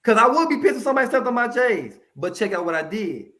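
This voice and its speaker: A man speaking as a mental health professional in a casual interview, telling stories in a lively, colloquial way and addressing the audience directly. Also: sits high, fast talker. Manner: animated, colloquial, preachy asides to the audience.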